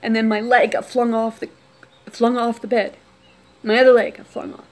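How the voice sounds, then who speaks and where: A woman telling a personal story on camera, unscripted, talking quietly with many restarts and trailing phrases. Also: a little high, flat delivery, moderate pace.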